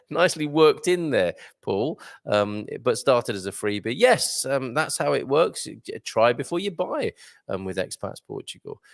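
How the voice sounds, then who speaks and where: A man's voice: medium pitch, sing-song, unhurried, vocal fry, dry recording, studio quality. A man hosting a live breakfast show, chatting casually and jokingly as he reads out viewer comments with many ums and uhs. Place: live broadcast from a resort venue.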